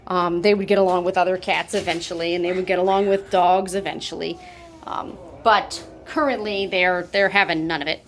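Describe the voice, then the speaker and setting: A woman's voice: on the low side, fairly even intonation, fairly quick, a little hiss or hum. A woman chatting casually in an adoption video, talking up kittens and cooing baby talk to them, with cats meowing nearby at home. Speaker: cat foster and adoption volunteer.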